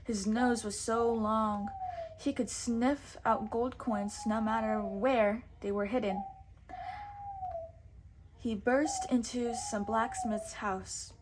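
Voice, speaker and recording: A woman teacher reads a storybook aloud at a slow, careful pace. Her voice sits a bit high, and she gives each sentence room. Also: fairly even intonation, noisy background.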